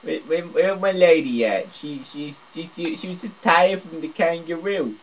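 Stammering goofy man, dull lo-fi sound. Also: moderate pace. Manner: stammering, repeats words, dopey broken grammar; swings between mumbling low and squealing high. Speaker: gameplay video creator. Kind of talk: comedic gameplay commentary. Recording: dull lo-fi recording.

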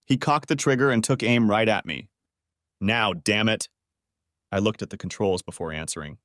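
A man's voice: fairly low pitch, animated, quick pace, no echo. A man narrating a first-person story in a scripted audiobook reading on a close mic.

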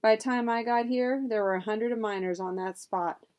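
Shifty old-west crook dentist, low mutter, sly, lady reading him. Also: moderate pace, a little mellow, dull audio, lightly acted. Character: shifty, foxy frontier scoundrel dentist, a man.

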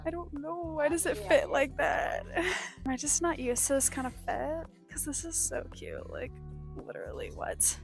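A young woman from Texas chats in a bubbly, gushing way, exclaiming often. Her voice sits high. Music plays clearly underneath her. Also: big pitch swings, normal speed. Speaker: thrift vlogger. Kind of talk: excited casual vlog chat and voice-over. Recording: music playing behind the voice.

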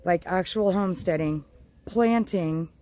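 A woman homestead vlogger chatting outdoors in her garden, gushing and exclamatory, with drawn-out words. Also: fairly low pitch, mellow, low-quality recording. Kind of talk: casual excited vlog.

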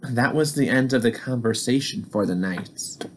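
A man reading a children's storybook aloud, gentle and encouraging toward young listeners. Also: medium pitch, normal speed, slight background noise.

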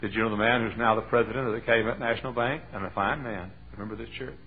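A man preaching a sermon from his pulpit, telling a story and building to shouted fervor. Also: lowish voice, fairly even intonation, very fast, breathy edge. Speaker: pastor. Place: church sanctuary. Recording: tinny phone-like old sermon tape.

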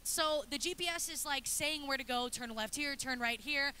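A high, bright woman's voice delivers a playful, chatty sermon in a church, breaking into little acted scenes as she goes. She sounds like she's in her thirties, and a faint hiss sits under the recording. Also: normal speed, few pauses. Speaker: pastor's wife preaching. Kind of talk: lively sermon. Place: church sanctuary.

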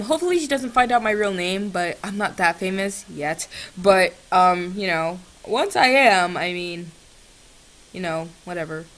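A woman's voice: medium pitch, fairly bright tone. A young woman vlogger chatting sarcastically with a chatbot, swinging between shrieks and mutters, on a computer's built-in mic. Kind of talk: casual chat with a chatbot.

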